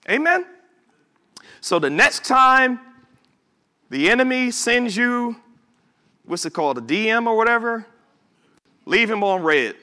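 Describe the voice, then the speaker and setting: A male pastor preaching a sermon to a congregation at a church service. He stretches words out for emphasis, breaks into sudden shouts and drops into casual asides to the listeners. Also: extremely high pitch, big pitch swings, measured pace, pauses often.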